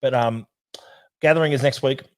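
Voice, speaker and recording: A man's voice: mid-range voice, normal speed. Chatty man hosting a whisky livestream. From Australia. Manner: chatty, rambling, reads out viewer comments, laughs easily. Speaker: whisky society host. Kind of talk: casual livestream chat.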